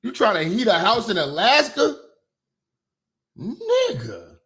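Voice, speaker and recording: A man doing profane reaction commentary in an animated, ranting manner. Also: high voice, takes it slowly. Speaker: commentary streamer.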